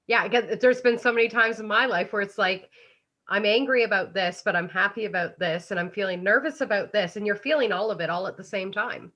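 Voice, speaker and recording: A woman's voice: medium pitch, fairly quick, bright, forceful tone, lo-fi sound. A woman hosting a casual interview, asking long, thoughtful questions and agreeing readily. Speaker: interview host.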